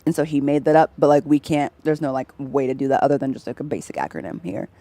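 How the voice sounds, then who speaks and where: A woman's voice: extremely low pitch, lively intonation, fast, dark tone, no room sound. A young woman streaming a game, chatting casually and laughing often as she explains things. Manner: chatty, laughs often, mimics voices in anecdotes. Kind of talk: casual gameplay chat.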